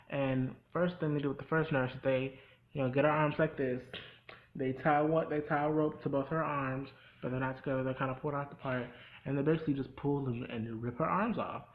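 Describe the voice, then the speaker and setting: A man's voice: medium pitch, steady tone, a little fast, rough recording. A young man hosting a casual recap of a TV episode, chatty and full of sassy asides. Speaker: host.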